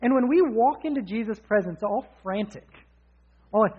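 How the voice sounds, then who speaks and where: Guy preaching, lots of energy, chatty and candid, kinda husky, sounds like over a phone. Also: very high voice, lively intonation, moderate pace, muffled recording. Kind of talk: sermon.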